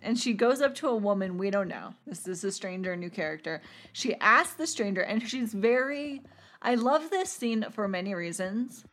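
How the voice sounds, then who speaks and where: Giggly, animated woman recapping a show. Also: mid-range voice, normal speed. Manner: animated, giggly, jokey storyteller. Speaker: podcast host recapping a TV episode. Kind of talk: casual chat.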